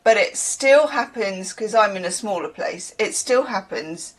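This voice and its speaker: A woman's voice: mid-range voice, expressive, measured pace. A woman from the UK, a tarot reader who chats in a rambling way, with laughing asides. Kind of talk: casual chatty reading.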